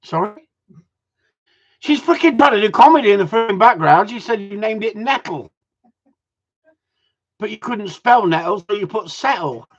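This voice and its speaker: A man's voice: high voice, expressive, normal speed, pauses often. Man, middle-aged, sweary live stream host, bouncy delivery, muffled recording. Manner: swears a lot, laughs often, chatty. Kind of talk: casual chat with viewers. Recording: dull lo-fi sound.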